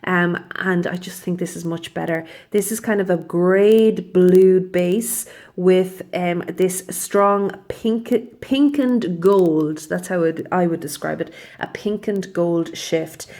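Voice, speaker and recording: A woman's voice: lowish voice, slow, darkish tone. A young woman chatting casually through a nail polish review, rambling and often correcting herself mid-sentence. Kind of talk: casual product review vlog.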